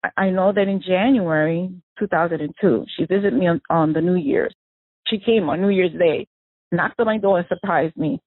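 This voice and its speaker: A woman, the victim's sister, recounting memories of her sibling in an emotional, animated way, acting out the dialogue she quotes. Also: on the low side, moderate pace, dry recording. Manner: animated storyteller who acts out quoted dialogue. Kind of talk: emotional first-person recollection. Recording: tinny phone-line audio.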